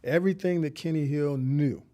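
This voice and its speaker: Speaking at normal speed with a fairly high-pitched but dark voice, a middle-aged community founder gives an interview as a guest. He offers an earnest, reflective testimony of faith, frequently starting his sentences over.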